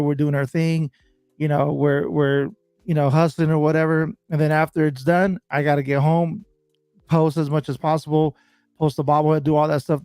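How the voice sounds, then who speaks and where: A man telling a story in casual chat, full of slang and swearing, and animated as he recounts it. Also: on the high side, no room sound, clean studio sound. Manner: animated and laughing while recounting. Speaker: bobblehead collector telling a story.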